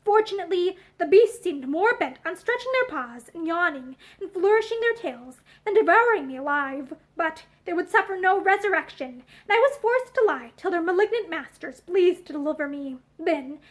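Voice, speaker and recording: A woman reading a classic novel aloud in an expressive, animated way, seated indoors before a camera. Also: very high voice. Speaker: audiobook reader.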